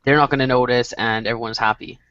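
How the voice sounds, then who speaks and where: A man's voice: mid-range voice, fairly even intonation, fast, a bit bright, dry recording. Man, podcast panelist, wry jokes, mid-range voice, dry close sound, lo-fi. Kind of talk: casual chat. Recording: dry, dull lo-fi audio.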